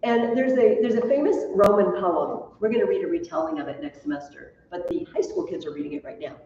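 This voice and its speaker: A woman teacher giving a classroom lecture, telling stories with lively animation and laughing at her own tales. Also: medium pitch, a little fast, dull audio, a little hiss or hum. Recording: echoey classroom from a distant mic.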